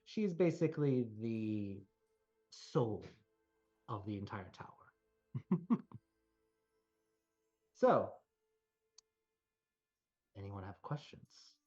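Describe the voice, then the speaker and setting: A man narrating as game master of a tabletop role-playing game, laughing often and slowing down for gentle in-character speeches. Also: fairly low pitch, sing-song, husky, muffled recording, soft background music.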